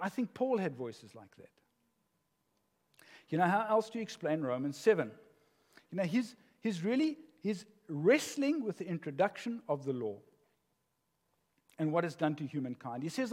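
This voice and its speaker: Older male pastor, fairly high voice, animated sermon storyteller who laughs at his own jokes. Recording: long hall reverb.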